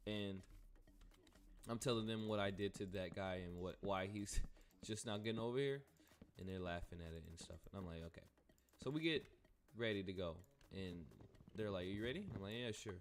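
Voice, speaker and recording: A man's voice: on the low side, slight background noise. Rambling, profane young man telling a story. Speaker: gaming streamer. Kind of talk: casual storytelling while gaming.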